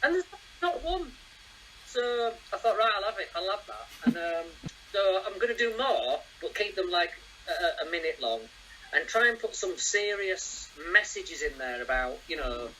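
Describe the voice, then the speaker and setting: A man, a guest telling rambling, animated stories in a casual chat. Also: high-pitched, unhurried, a little hiss or hum, poor audio. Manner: animated, rambling storyteller who acts out voices.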